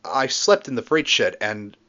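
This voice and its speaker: A man's voice: medium pitch, sing-song, pushed and bright. A man voicing a proud, impatient male steam engine who gets flustered and hems and haws, on a dull home recording. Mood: evasive. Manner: flustered, hurried hemming and hawing.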